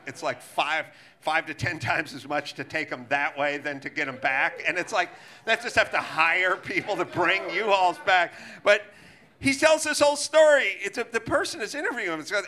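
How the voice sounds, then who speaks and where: A man with a high, piercing, very bright voice hosts a live comedy podcast. He rants hard, swears freely and jumps between mock quotes and outrage. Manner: profane, ranting, animated. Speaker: podcast host.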